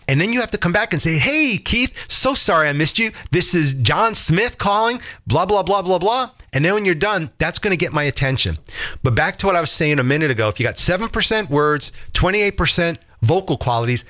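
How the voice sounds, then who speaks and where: A man coaching on communication in an interview, lively and emphatic, joking as he explains. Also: a little high. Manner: lively, jokey, emphatic, acts out examples.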